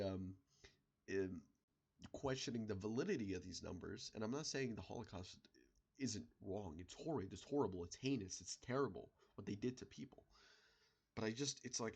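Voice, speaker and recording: A man in an unscripted solo monologue, rambling and halting, with many restarts, fillers and the odd swear word. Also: fairly low pitch, animated, a little mellow, breathy edge. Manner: swears in passing. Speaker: video creator.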